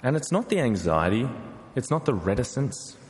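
A man's voice: mid-range voice, very animated, normal speed, a little mellow. Man preaching in a reverberant hall. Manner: earnest, preaching with rhetorical questions and acted quotes. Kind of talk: sermon.

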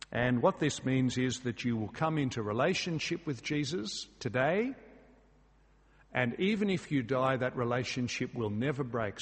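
A man's voice: medium pitch, breathy edge, in a large hall. A man preaching a sermon in a church, earnest and emphatic, asking his listeners rhetorical questions. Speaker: pastor.

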